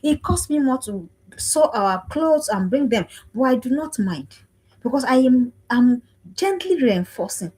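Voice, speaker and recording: Emphatic woman from Africa, husky voice. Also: high-pitched, big pitch swings, a little slow, a little mellow, rough recording. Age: 40s. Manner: emphatic, repeats phrases and asks "do you understand?". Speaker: speaker on parenting. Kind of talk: preaching talk. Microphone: livestream.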